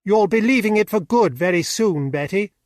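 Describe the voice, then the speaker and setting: A man reading an audiobook, voicing a young man who speaks plainly and teases gently. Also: sits high, expressive, moderate pace, no echo, clean studio sound.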